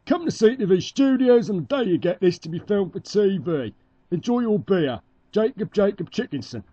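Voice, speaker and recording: Casting: performer doing a bouncy Cockney chicken dad, animated, warm dark tone. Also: medium pitch, normal speed, breathy edge, no echo, dull audio. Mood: chirpy. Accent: London Cockney put on. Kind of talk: amateur cartoon voice acting.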